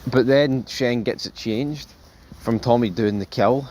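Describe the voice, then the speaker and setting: A man hosting a casual TV review, rambling and animated, swearing freely and calling viewers folks. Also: medium pitch, a little slow, slight background noise. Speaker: show host, TV reviewer.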